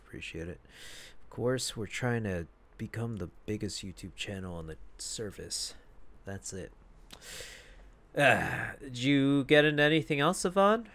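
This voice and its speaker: Laid-back young man rambling, lively pitch. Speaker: podcast co-host. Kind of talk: casual chat. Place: home podcast setup. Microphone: podcast mic with foam windscreen.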